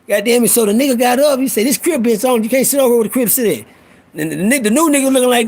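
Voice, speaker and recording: A man's voice: very high-pitched, expressive, quick pace. A man hosting a live stream, telling rowdy, profane stories and acting out the voices of people in them. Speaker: host. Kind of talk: storytelling on a live audio stream.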